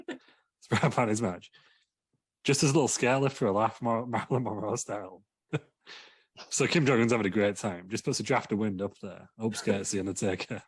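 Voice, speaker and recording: Podcast co-host, man, husky, low, dry sound, giggles through a rambling comic story. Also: dry recording. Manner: giggly, rambling, laughs mid-sentence. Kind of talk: comedic storytelling.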